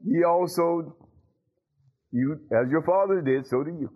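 A man's voice: a little high, unhurried, a little mellow. A male pastor preaching to his congregation, repeating phrases and asking "huh?" to press his point. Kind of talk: sermon. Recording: muffled lo-fi recording.

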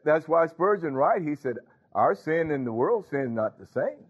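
A man's voice: a little high, big pitch swings, normal speed, husky. A man preaching a sermon, emphatic, with call-and-response interjections. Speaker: pastor. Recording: tinny phone-like sound.

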